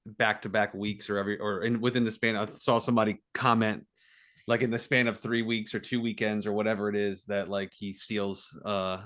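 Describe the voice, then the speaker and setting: Deepish guy on a movie podcast, kinda hesitant, fishing for words. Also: little pitch movement, fairly quick, a bit bright. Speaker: podcast co-host. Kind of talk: casual movie review chat.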